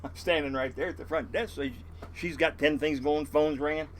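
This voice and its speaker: A fairly quick, steady voice on the higher side belongs to an older fishing boat captain. In a laid-back interview he drifts from story to story, swearing freely and laughing as he restarts repeatedly.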